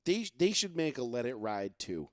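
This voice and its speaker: A man's voice: medium pitch, very animated, normal speed, no echo. A man hosting a casual sports talk podcast, ranting and swearing, mocking fans, into a close mic. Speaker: podcast host.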